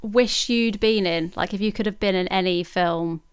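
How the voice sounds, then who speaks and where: A woman's voice: medium pitch, normal speed, smooth, dry recording, clean studio sound. A woman hosting a casual podcast chat, playful and leading the questions. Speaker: podcast host.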